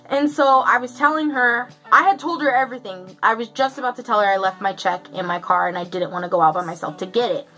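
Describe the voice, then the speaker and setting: A woman's voice: on the high side, quick pace, few pauses, a bit bright, soft background music, poor audio. A young woman chatting through a story for her vlog, casual and profane, full of fillers. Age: young adult. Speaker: vlogger.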